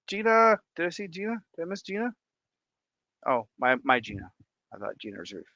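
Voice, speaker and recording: A man hosting a casual livestream, excitedly reacting aloud to viewer comments. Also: on the high side, a little fast, pauses often, dry recording, highs cut off. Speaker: livestream host.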